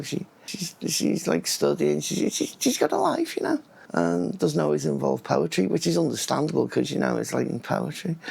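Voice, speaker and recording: This man's voice runs on the high side, with a darkish, gravelly, husky quality. He vlogs in a casual, rambling monologue, frequently losing his thread and restarting words.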